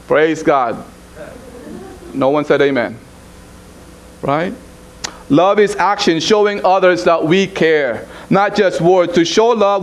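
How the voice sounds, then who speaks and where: A man preaching a sermon as pastor, prompting the congregation to finish his lines and rising into urgent pleading. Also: low-quality recording. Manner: rises to high, urgent pleading.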